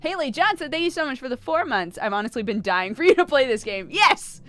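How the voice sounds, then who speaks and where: A woman's voice: high-pitched, lively intonation, fast talker. A woman streamer chatting casually and laughing often while reading game dialogue aloud. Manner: giggly, playful, reads game lines aloud. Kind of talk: casual live-stream commentary.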